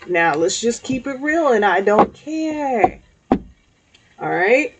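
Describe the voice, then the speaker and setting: A woman's voice: fairly high pitch, darkish tone, husky, poor audio. A woman giving a spiritual tarot reading, talking straight to her viewers and checking in often with "okay?". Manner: slow, emphatic, frequent "okay?" check-ins; speaks directly to viewers, conversational. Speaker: tarot reader.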